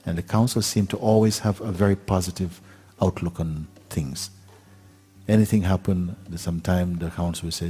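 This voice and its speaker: A man giving a spiritual talk, telling a parable in an unhurried, gentle way with pauses and fillers. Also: low voice, fairly even intonation, slightly rough. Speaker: spiritual teacher.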